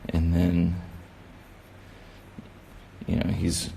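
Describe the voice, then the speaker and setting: A man's voice: low-pitched, completely flat delivery, drawn-out words, gravelly, mellow, slight background noise. A man running a casual drawing demonstration for kids, rambling and encouraging, with lots of filler words. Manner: rambling, encouraging, full of "you know" fillers. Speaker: kids' drawing instructor.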